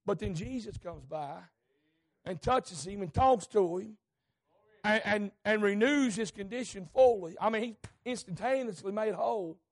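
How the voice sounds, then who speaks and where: A man preaching a sermon in a folksy way, moving from easy talk to fervent shouting. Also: high-pitched, normal speed.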